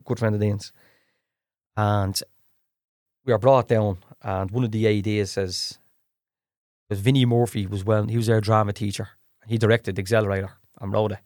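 Low-voiced Dublin man telling stories. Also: moderate pace, no echo, studio quality. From Ireland. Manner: animated anecdotes, restarts and repeats words. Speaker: guest actor. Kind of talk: casual storytelling in a podcast interview.

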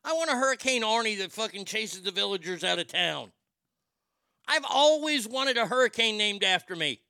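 A man with a gravelly edge and a bright, forceful tone rants with comic outrage, swearing freely. The sound is dry and close. He keeps up a host's patter between loud outbursts. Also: high-pitched, expressive, normal speed, no room sound. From Texas. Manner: ranting, profane, mock outrage with loud outbursts. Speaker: radio show host. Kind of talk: comedic rant.

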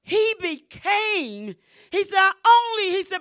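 A woman preaching a sermon, drawing out her words and rising to loud, emphatic peaks. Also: very high-pitched, lively intonation, slow, no room sound, clean studio sound.

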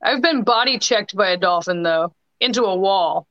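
A young adult woman telling stories as a podcast guest in casual chat, quick and chatty with frequent restarts, over a remote call. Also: mid-range voice, dry recording. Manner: chatty, quick bursts with many restarts and fillers. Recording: dull lo-fi remote call audio.

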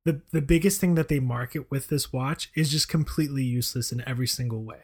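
Male podcast co-host, laid-back, peppers his talk with "like", mid-pitched. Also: quick pace. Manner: easygoing, says "like" often. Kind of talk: casual chat.

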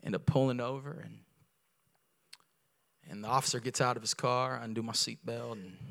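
A man preaching a sermon as a guest pastor, telling a personal story with lively voices and building to loud, fervent preaching. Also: medium pitch, creaky. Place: church sanctuary.

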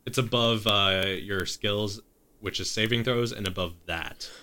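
A man's voice: on the low side, a little slow, pushed and bright. A man narrating as game master of a tabletop game, improvising the action and stopping to correct himself.

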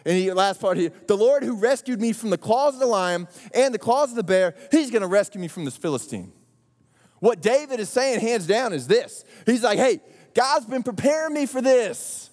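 Animated high-voiced male preacher in a hall. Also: normal speed. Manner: animated, jokey storytelling with slang. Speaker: pastor. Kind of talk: lively sermon with acted-out voices. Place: large church auditorium. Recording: long hall reverb.

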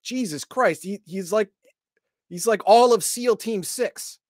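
A wisecracking man trading dry jokes in a casual chat. His voice sits a bit high for a man. It is recorded close and dry, with no room sound. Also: a little slow, a little mellow, no echo. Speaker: co-host.

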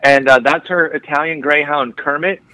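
Upbeat bright-voiced man on a remote line. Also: a little high, fairly even intonation, moderate pace, no room sound, low-quality recording. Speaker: guest. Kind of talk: casual podcast interview.

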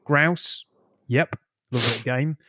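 A man's voice: medium pitch, slow pace, sharp tone, dry recording, clean studio sound. A man hosting a weekly technology podcast, chatty and jokey in casual banter. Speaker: podcast host. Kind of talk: casual chat.

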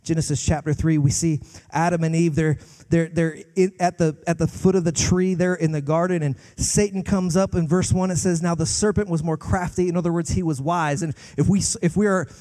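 A man, a guest pastor, preaching a sermon with passion, climbing to loud peaks and dropping to hushed lines. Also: fairly high pitch, steady tone, a little fast, few pauses.

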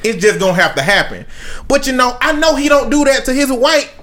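A man's voice: very high voice, big pitch swings, a little fast, a bit bright. A man chatting casually on a podcast, telling stories with jokes and frequent laughter. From Southern United States. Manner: storytelling, joking, laughs often. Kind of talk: casual chat.

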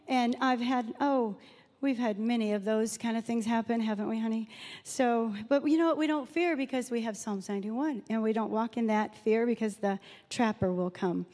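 A woman's voice: on the high side, normal speed, a little mellow. A middle-aged woman, preaching a chatty sermon full of personal stories and Bible readings. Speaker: guest speaker at a church Mother's Day service. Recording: reverberant hall sound.

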